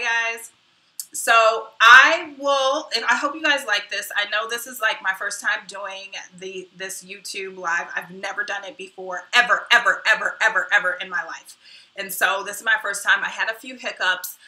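A woman's voice: mid-range voice, pushed and bright. A woman hosting her own live stream in casual chat, self-deprecating and muttering asides to herself. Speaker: YouTube host. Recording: roomy echo, mic at a distance.

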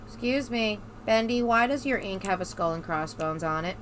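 Expressive and mid-range, this woman's voice moves at normal speed over slight background noise. She's a gamer doing let's play commentary on a horror game, swearing frequently and reassuring herself through her nerves that everything is fine.

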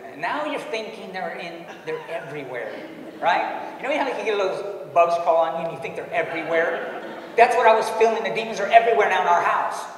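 A man preaching a sermon in a church and telling a personal story, dropping his voice low for quoted lines and laughing often. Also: a little hiss or hum. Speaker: pastor. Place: church sanctuary. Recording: echoey hall, distant mic.

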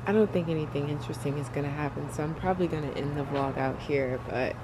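A woman's voice: deep voice, quick pace, background noise. A young woman vlogging to her compact camera, rambling casually and saying "like" and "y'all" a lot. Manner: chatty, rambling, uses "y'all" and "like". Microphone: built-in mic of a compact camera.

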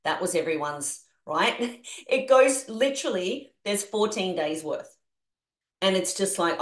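A woman with an Australian accent leading a group coaching session on a video call, energetic and animated as she coaxes the group through exercises. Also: on the low side, measured pace, echoey room. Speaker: business coach.

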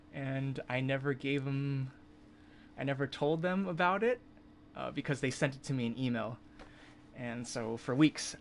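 A young man in his twenties, a streamer casually telling a story to his chat, animated and swearing freely, with loud incredulous outbursts. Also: mid-range voice, slight background noise. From California. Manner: swears freely, filler-heavy.

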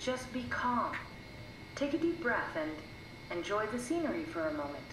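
A woman plays a calm, coaxing character who soothes a scared subject in measured words. The voice sits mid-range in a roomy space, with game ambience hissing behind. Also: mid-range voice, lightly acted.

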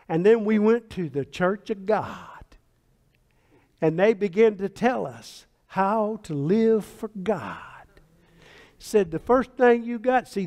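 A pastor preaching a sermon in a church sanctuary, animated and storytelling, with emphatic asides. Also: male voice, sits high. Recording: long hall reverb.

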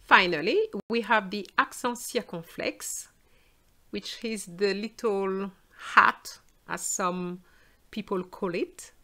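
Woman teaching sounds, takes it real slow, says each word twice. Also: mid-range voice, sharp tone. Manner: slow, careful, repeats words for learners. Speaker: French teacher. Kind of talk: pronunciation lesson.

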